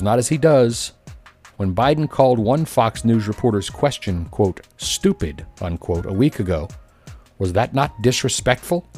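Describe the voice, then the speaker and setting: A man's voice: mid-range voice, darkish tone, breathy edge. A man delivering a scripted political monologue as a commentator, sarcastic and cutting, stacking long punchy lists of insults and grievances.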